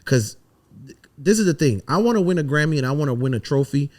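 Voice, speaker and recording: A man from the Virgin Islands, a songwriter telling animated, emphatic stories and swearing freely in a casual podcast interview. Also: a little high, fast talker. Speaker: songwriter guest.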